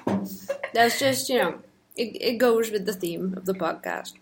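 A woman's voice: medium pitch, a little slow, slight background noise. A young woman co-hosting a podcast in casual, jokey chat, laughing often. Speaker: podcast co-host.

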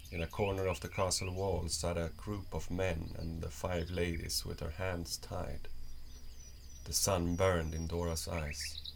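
A man narrates a story at a slow, measured pace. His voice sits very low with a rough, gravelly texture. Faint crickets and outdoor hum run underneath.

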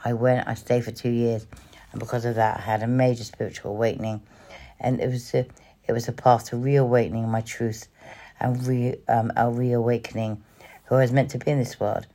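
A woman hosting a podcast, telling her personal story in an emotional, halting way with many restarts. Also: a bass voice, little pitch movement, dark tone. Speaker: podcast host.

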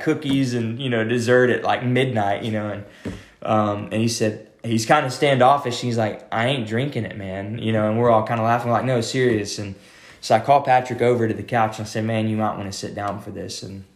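Associate pastor, man, low voice, rambling casual storyteller, echoey room. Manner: rambling, lots of fillers and "man".

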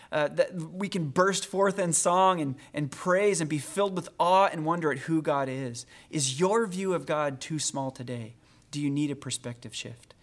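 A man preaching a sermon as pastor, earnest, slowing down when he reads scripture aloud. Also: fairly high pitch, a bit bright.

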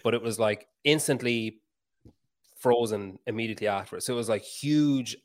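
An Irish man in his thirties chats casually about parenting in a mid-range voice at normal speed. He rambles, pokes fun at himself, and swears freely.

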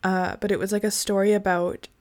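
A woman's voice: medium pitch, flat delivery, fairly quick, a little mellow. Young woman, podcast co-host, casual chat, chatty anecdotes. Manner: chatty, reacting and telling anecdotes.

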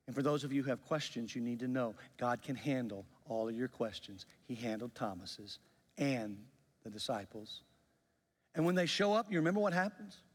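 A male pastor preaching a sermon, telling the story with lively acted-out voices. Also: mid-range voice, moderate pace. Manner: animated storytelling, acts out quoted voices. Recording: long reverb of a large hall.

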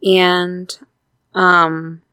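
Young woman podcast cohost, lowish voice, dry close mic, laid back and slangy. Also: little pitch movement, extremely slow, sharp tone, clean tone, no echo. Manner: laid-back, lots of agreeing murmurs, slangy. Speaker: podcast co-host. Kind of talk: casual chat recapping a cartoon.

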